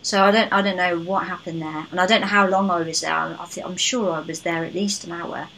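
A woman hosting a podcast, telling a story in a chatty, animated way. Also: on the low side, fairly quick, a little hiss or hum, rough recording. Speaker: podcast host. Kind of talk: casual podcast interview.

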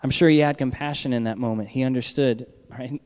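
A male pastor preaches in a relaxed, conversational way, often pausing to ask "all right?" to check in with his listeners. His voice sits at a middle pitch and carries a long reverb, as if it is filling a church hall. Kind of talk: sermon.

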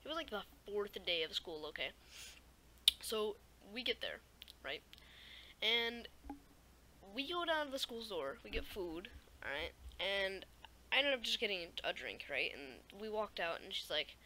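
A woman's voice: medium pitch, a little slow, slight background noise, rough recording. Teen girl rambling through a storytime vlog. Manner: rambling, animated, fillers like "like" and "right?". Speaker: YouTuber.

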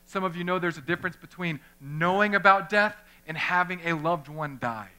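A young man preaching a sermon as pastor in a church, animated and conversational, acting out the people he quotes. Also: high-pitched, moderate pace. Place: church chapel.

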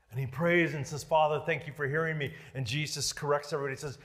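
A male pastor preaching a sermon dramatically, swinging from loud declarations to hushed near-whispers. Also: a little high, fairly even intonation, fast, few pauses, big-room sound. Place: church sanctuary.

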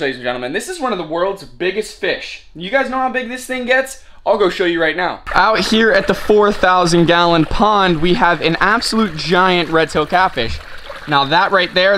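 A man hosting an aquarium fish vlog, hyped and casual, calling his viewers ladies and gentlemen and saying freaking a lot. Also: on the high side. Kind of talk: excited hobby vlog.

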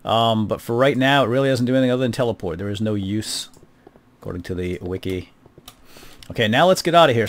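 A man's voice: lowish voice, expressive, fast talker. A middle-aged man giving casual, wry gameplay commentary, chatting to viewers as he plays. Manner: chatty, wry, talks to viewers while playing. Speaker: gaming video host.

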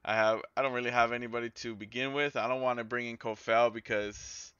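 A man commentating his own football video game as he plays, excitable and swearing, yelling at his players and groaning at their mistakes. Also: mid-range voice, a little fast, few pauses, clean tone, no echo, dull audio. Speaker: gaming YouTuber. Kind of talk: live gameplay commentary.

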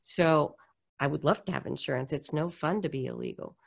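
A woman's voice: deep voice, brisk, gravelly. A middle-aged woman from the United States, telling her story in an interview and acting out the voices of people she quotes. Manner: animated, acts out quoted voices. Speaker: guest speaker on poverty.

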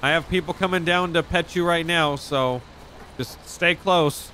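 A man's voice: a little high, unhurried, bright, forceful tone, a little hiss or hum. A man chatting in character in a roleplay game, brash and profane but easygoing. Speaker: roleplay streamer playing a rich animal owner.

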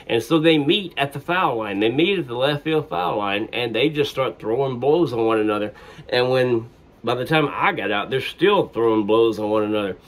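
A man casually telling a personal story in a conversational way, with fillers and restarts. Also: fairly low pitch.

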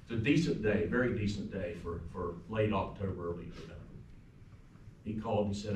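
A man, a pastor, delivering a funeral eulogy, telling anecdotes that sometimes drop to a soft, quiet tone. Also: low voice, brisk, background noise. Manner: storytelling, warm anecdotes, turns soft and quiet at times. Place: funeral home chapel. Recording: echoey room from far off.

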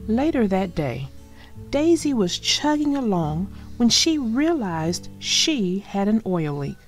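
Slow expressive woman reading a storybook. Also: mid-range voice, faint music behind. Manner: expressive, gentle storybook delivery. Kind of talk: children's read-aloud storytelling.

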